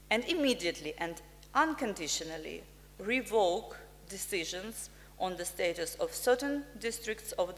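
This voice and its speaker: A woman from Ukraine, an ambassador giving a formal prepared speech in slow, deliberate, emphatic phrases. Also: lowish voice, slight background noise. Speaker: ambassador, guest speaker. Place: press club function room. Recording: reverberant hall.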